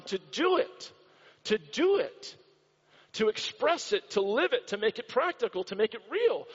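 High-voiced man preaching in a hall. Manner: impassioned preaching with repetition. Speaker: pastor. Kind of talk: sermon. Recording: dull sound with long hall reverb.

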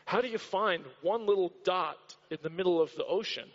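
High-voiced pastor preaching in a reverberant hall. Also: male voice, brisk, fairly bright tone. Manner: storytelling, dramatic repetition. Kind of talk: sermon. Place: church hall. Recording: dull recording with long hall reverb.

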